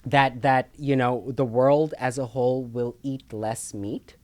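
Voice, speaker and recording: A man's voice: mid-range voice, steady tone, slow pace, a little mellow, no echo. Emphatic man explaining money on a talk show. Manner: emphatic, repeats words, says okay often. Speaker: co-host explaining finance. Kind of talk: casual panel talk show.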